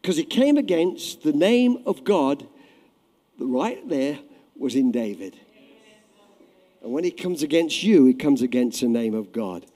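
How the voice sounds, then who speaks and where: A male preacher giving an impassioned sermon in a church, swinging from loud declarations to hushed, intimate prayer. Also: medium pitch. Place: church hall. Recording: echoey hall.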